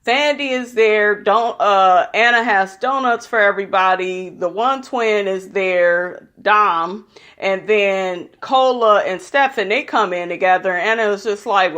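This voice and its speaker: A woman's voice: mid-range voice, unhurried, fairly bright tone. A woman giving a casual, profane, gossipy recap of a reality show episode, blunt and opinionated about the people in it.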